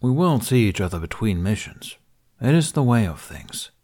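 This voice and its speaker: A man voicing a calm, proud male Jedi master with a baritone voice. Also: normal speed.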